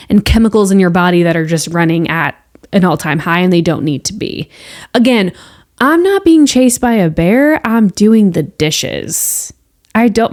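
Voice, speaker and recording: A woman hosts her own podcast in a loose, chatty monologue, and her voice sits at an ordinary middle pitch. She keeps things playful and reassuring, like someone used to calming patients. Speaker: podcast host; healthcare worker with patients. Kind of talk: casual solo podcast monologue.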